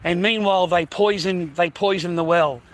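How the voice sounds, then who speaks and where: A man's voice: high-pitched, steady tone, moderate pace, low-quality recording. A man talking unscripted on his livestream, ranting emphatically and repeating himself, often tossing in "mate" and "man". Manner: peppers speech with "mate" and "man". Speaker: livestream host.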